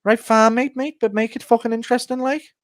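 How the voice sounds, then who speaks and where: A man impersonating an irritable fighter, high and strained in tone. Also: steady tone, brisk. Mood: exasperated. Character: brash, irritable English fighter fed up with his friend.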